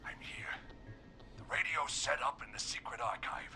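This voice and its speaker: An actor playing a nervous man who hides from a killer, hesitant and halting in a video game. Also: medium pitch, pushed and bright, in a whisper, faint music behind. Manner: hesitant, lots of uhs. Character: jittery man hiding from a killer.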